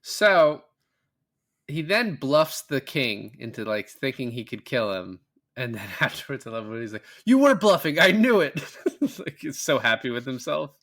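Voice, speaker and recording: Man, podcast co-host, bright edgy tone, animated casual recap. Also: mid-range voice, normal speed. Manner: animated, laughs while retelling scenes. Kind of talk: casual movie recap chat.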